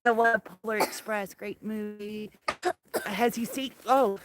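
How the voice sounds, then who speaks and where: An older woman laughs often and dotes on her grandchild during a casual outdoor live stream in the snow, shot on a phone in her hand. Her mid-range voice is unhurried with fairly even intonation, and background noise can be heard.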